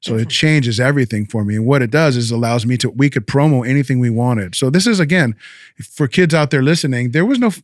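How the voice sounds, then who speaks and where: A man in his fifties telling stories in a casual interview, rambling and animated, swearing freely and restarting his sentences. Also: mid-range voice, quick pace, no echo, clean studio sound. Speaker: podcast guest, rapper.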